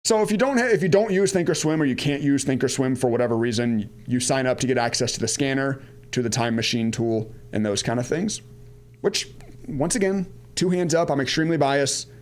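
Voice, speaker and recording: A man's voice: medium pitch, fairly quick. A man in his thirties from the Washington DC area, chatting casually on a trading live stream, rambling, answering viewer chat and laughing at himself. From United States, Washington DC area. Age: 30s. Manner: laughs at himself, goes off on tangents.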